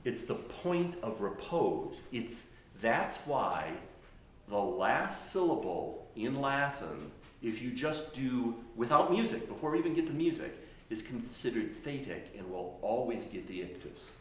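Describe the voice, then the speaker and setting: A man's voice: mid-range voice, very animated. A man teaching a class on chant, explaining step by step with frequent restarts and sung or spoken examples. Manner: explanatory, halting with restarts, demonstrates phrases by singing and speaking. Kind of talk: classroom lecture. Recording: very echoey room with faint noise.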